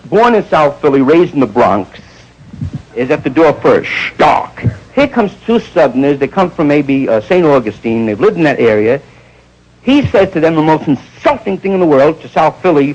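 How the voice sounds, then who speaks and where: A man doing stand-up storytelling, jumping into quick voices of the people in his stories. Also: on the high side, husky, rough recording. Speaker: stand-up comedian.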